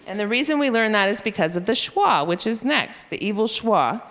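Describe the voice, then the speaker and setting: A woman teacher walks fellow educators through a phonics method, spelling letters and sounding them out slowly. Her explanatory talk has a long reverb, as if spoken in a large hall. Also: medium pitch, expressive, fairly bright tone. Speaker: reading intervention teacher. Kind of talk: professional development presentation. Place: school room or hall.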